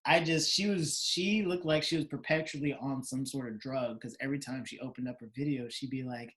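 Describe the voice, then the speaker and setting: A man's voice: medium pitch, a little fast, hardly any pauses, fairly bright tone. A man co-hosting a casual chat podcast over a remote video call, joking and bantering. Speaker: podcast co-host.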